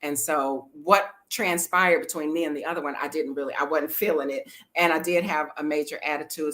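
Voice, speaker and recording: A middle-aged woman, chatting to viewers in a lively storytelling vlog and laughing often. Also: sits low, brisk, few pauses. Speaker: travel vlogger.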